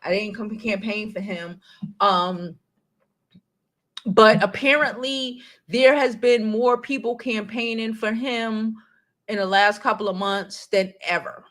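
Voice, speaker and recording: A woman with a Brooklyn accent hosting a casual live-stream chat, talking in an animated, blunt way and swearing freely. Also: mid-range voice, takes it slowly. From New York City. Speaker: vlog host.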